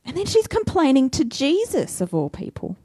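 Brief: female preacher, chatty and self-deprecating, somewhat high voice, dry recording. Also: wildly swooping pitch, moderate pace, mellow, dry recording. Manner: conversational, self-deprecating, rhetorical questions. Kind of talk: sermon.

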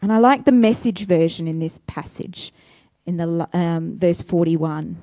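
A woman's voice: on the low side, steady tone, measured pace, mellow, no room sound, studio quality. Woman preaching in a conversational way. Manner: conversational, self-deprecating, rhetorical questions. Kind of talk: sermon.

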